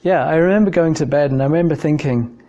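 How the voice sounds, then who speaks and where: A man's voice: a little high, quick pace, warm tone, muffled recording. A man from England giving an informal talk, telling personal stories in a thoughtful conversational way with frequent fillers. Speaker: speaker giving a talk on evidence for God.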